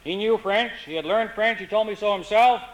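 A man telling comic stories in a dry, wry, deadpan way. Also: high-pitched, brisk, poor audio. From Canada. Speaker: humorist. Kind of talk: comic storytelling.

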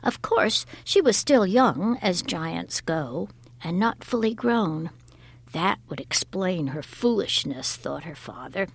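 A woman reading a folk tale aloud as a storyteller, expressive and often dropping to a breathy whisper. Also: lowish voice, slow pace.

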